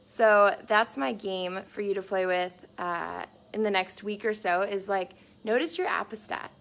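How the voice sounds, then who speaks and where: A woman's voice: mid-range voice, a little slow, creaky, fairly bright tone. Chatty young woman talking live from home. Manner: chatty and earnest, filler-heavy with frequent likes and ums. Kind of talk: live-streamed casual talk to viewers. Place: small home, indoors.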